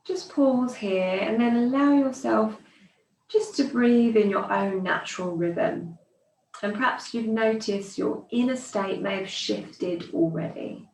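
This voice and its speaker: A woman teaching yoga, guiding slow breathing with calm, soothing counting cues. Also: fairly high pitch. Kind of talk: guided breathing instruction. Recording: echoey room, distant mic.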